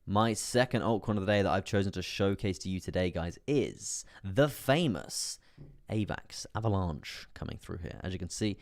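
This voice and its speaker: This trading-stream host has a deep voice and talks at a moderate pace, chatting loosely and using lots of fillers as he goes through chart analysis. He laughs a lot while reading chat, and the recording is studio quality without echo.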